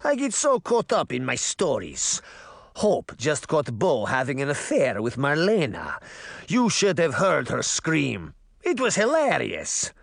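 A man's voice: on the high side, huge pitch swings, unhurried, vocal fry, fairly bright tone, no room sound, full character voice. A man voicing a crusty old female witch with a thick Russian accent, mocking and relishing her threats. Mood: gossipy.

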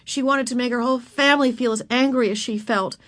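Woman narrating a storybook, fairly high, bright and forceful tone. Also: fast. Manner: expressive, voices each character. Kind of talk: children's book read aloud.

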